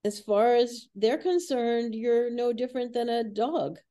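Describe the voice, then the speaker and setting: A woman physician speaks as a podcast guest in a slightly high, mellow voice. She talks casually and earnestly, laughing between warnings. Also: a little slow. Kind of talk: casual interview chat.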